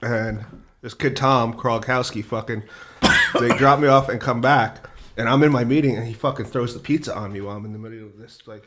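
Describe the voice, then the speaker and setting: A man's voice: mid-range voice, fairly quick, background noise. A man on a podcast telling a rambling, profane story in casual chat, often laughing. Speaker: podcast guest.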